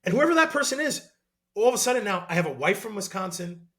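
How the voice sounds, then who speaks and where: A man in his thirties, a former college football player, talking as a podcast guest in an animated, excitable way with lots of fillers. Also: high voice, fast. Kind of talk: casual podcast interview.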